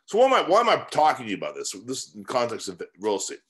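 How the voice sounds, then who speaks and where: A man's voice: medium pitch, wildly swooping pitch, fast, fairly bright tone. A man in his forties coaching newcomers in a loose, motivational way. His voice rises and falls a lot, and he keeps circling back with rhetorical questions and filler words. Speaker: real estate mentor. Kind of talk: casual motivational teaching.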